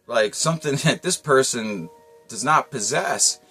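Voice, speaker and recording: A man in the middle pitch range talks through a casual tarot reading. His delivery is loose and wandering, full of slang and easy chuckles. Soft music plays quietly underneath. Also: lively intonation, a little slow, slightly rough. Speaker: tarot reader.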